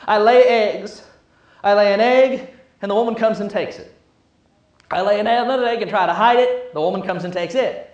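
A man's voice: high voice, moderate pace, distant mic, muffled recording, lightly acted. A man voicing a frustrated hen whose eggs keep getting taken, as part of a sermon story. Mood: indignant. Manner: indignant, rising with each complaint. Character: put-upon hen, frustrated and indignant. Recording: echoey room.

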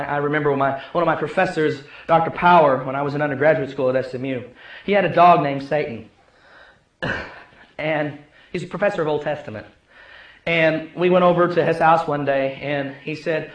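A man preaching a sermon as pastor, telling stories and swinging between loud and hushed delivery. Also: fairly high pitch, moderate pace, lo-fi sound. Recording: echoey room.

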